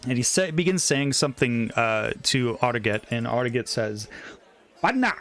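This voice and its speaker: A man narrating as game master of a tabletop game, in a slow, loose way with many fillers. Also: medium pitch, a bit bright.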